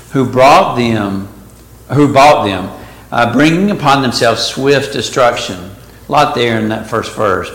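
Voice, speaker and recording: A man's voice: medium pitch, gravelly, fairly bright tone. A man leading a casual Bible class, reading verses aloud and stopping to explain them. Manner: talks slowly, reads verses aloud and stops to explain them. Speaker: Bible study teacher. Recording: echoey room, faint background noise.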